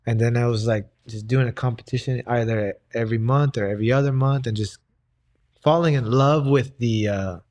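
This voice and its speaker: A man's voice: mid-range voice, brisk, darkish tone. Young guy rambling thru a story, super casual, lots of restarts. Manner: rambling, many fillers and restarts. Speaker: guest, grappling coach and personal trainer.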